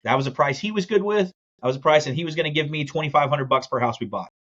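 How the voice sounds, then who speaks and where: A land investor, guesting on a podcast interview, tells his business story fast and animatedly, acting out the quotes. His voice is on the high side, and the recording sounds muffled.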